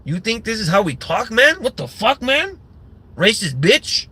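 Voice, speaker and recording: A man putting on a hardened gang member who is insulted and can't believe what he's reading. The voice jumps far above his usual register, loud and incredulous, with a sharp, bright edge. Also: very high voice, slow pace, voice pushed up, exaggerated voice. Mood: indignant disbelief. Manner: incredulous, mocking and indignant. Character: offended tough male gang member, adult.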